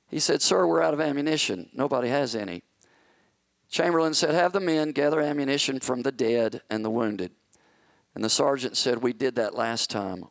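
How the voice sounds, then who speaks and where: A pastor preaches with a dramatic storyteller's flair, acting out the people in his story. His voice is a touch high and gravelly, and the sound is dry and close. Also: dry recording. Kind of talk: sermon storytelling.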